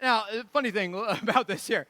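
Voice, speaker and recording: A man's voice: sits high, normal speed, bright, forceful tone, no echo, clean studio sound. A man preaching a sermon as pastor, conversational and emphatic, with many rhetorical questions. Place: church.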